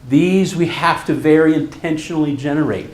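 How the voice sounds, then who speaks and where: A middle-aged male therapist tells stories in a conference hall talk, animatedly acting out the quotes. His voice is fairly high and moderately paced, with a roomy sound and a little hiss or hum.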